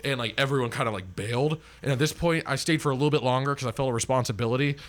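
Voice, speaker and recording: Man, quick delivery, casual podcast storytelling, profane, rambling, filler-heavy. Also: medium pitch. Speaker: podcast guest.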